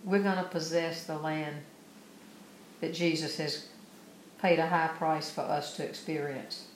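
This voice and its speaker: A woman's voice: sits low, fairly even intonation, measured pace, roomy sound, slight background noise, low-quality recording. A woman preaching a sermon, reading scripture verses aloud and then explaining them earnestly.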